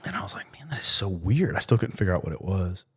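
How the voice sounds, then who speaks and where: A man in his middle years, a podcast guest, telling a story in a casual, animated way with lots of fillers. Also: sits low, fast, slightly rough.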